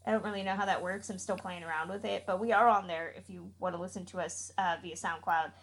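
A woman's voice: lowish voice, fairly even intonation, fast talker, vocal fry. A woman hosting a podcast, chatting casually through the show's sign-off and plugs, with fillers and laughs. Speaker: podcast host. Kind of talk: casual podcast outro chat.

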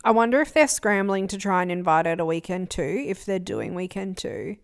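A woman's voice: lowish voice, a little fast, clean tone. A young woman co-hosting a podcast, chatting casually and animatedly about influencer drama. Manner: animated, quotes people in put-on voices. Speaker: podcast co-host. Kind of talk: casual gossip chat.

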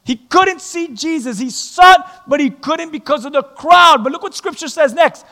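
A male pastor preaching a sermon in a church, lively and joking, with shouted emphasis. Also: very high-pitched, moderate pace. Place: church sanctuary. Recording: long hall reverb.

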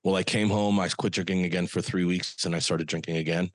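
A man speaking as a podcast guest, telling a personal story in an earnest, halting way with frequent pauses. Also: deep voice, fairly even intonation, no echo.

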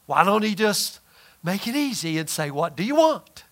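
A man's voice: high voice, sing-song, moderate pace, a bit bright. A man preaching a sermon in a conversational, emphatic way, often acting out quoted voices.

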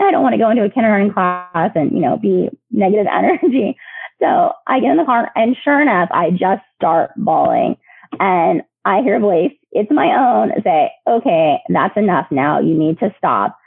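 Woman, 30s, gravelly, lots of ums and laughs, tinny phone sound. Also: medium pitch, no echo. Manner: chatty, many fillers, laughs often. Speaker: podcast guest. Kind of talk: personal storytelling. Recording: tinny phone-line audio, dry.

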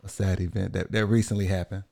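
A man's voice: deep voice, level tone, fast talker, vocal fry, mellow. A man co-hosting a relationship podcast, talking loosely and thinking aloud with plenty of fillers and restarts. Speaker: podcast co-host. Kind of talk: casual conversation on marriage.

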